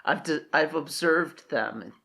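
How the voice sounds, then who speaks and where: A man's voice: on the high side, takes it slowly, gravelly, bright, forceful tone. A young man co-hosting a comedy podcast, reading posts and cutting in with sarcastic jokes. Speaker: podcast co-host.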